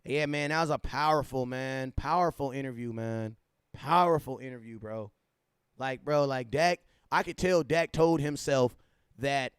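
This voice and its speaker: A man hosting a casual sports livestream, talking animatedly, repeating himself and giving shout-outs to viewers. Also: medium pitch, unhurried, smooth, no echo, studio quality. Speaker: livestream host.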